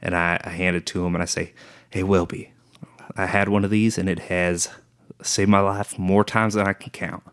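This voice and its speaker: Man, tabletop player, very deep voice, flat monotone, unhurried, in character. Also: smooth. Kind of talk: playing a character in a tabletop game.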